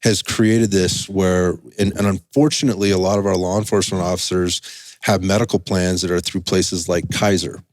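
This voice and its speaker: A man hosting a casual podcast chat as a strength coach, talking emphatically with frequent restarts and rambling asides. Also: low voice.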